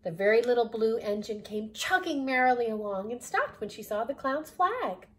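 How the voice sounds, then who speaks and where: A woman's voice: on the high side, big pitch swings, moderate pace, hardly any pauses, fairly bright tone. A woman reading a children's storybook aloud, adding laughing asides to her listeners. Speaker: storybook reader.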